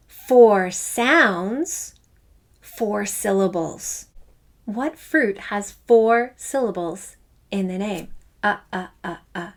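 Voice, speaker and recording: A woman teaching a children's music lesson. She sounds enthusiastic and encouraging, chants fruit names in rhythm, and draws out the syllables. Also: mid-range voice. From Canada. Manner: enthusiastic, encouraging, speaks straight to the learner.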